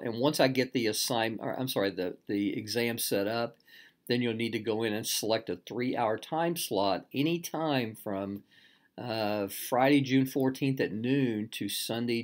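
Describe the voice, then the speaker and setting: A middle-aged male instructor talks students through an online course in a loose, unscripted way. He stops and restarts often, leaning on fillers and throwing in self-deprecating asides, and his voice sits at an ordinary, mid-range pitch for a man. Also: moderate pace. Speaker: course instructor and graduate program director. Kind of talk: casual recorded course walkthrough.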